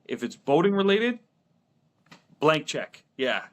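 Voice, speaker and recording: A man co-hosting a business talk show speaks in a relaxed, loose way. He tells stories with lots of restarts and small laughs, and his voice sits a little on the higher side. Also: slow. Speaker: podcast co-host. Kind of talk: casual chat.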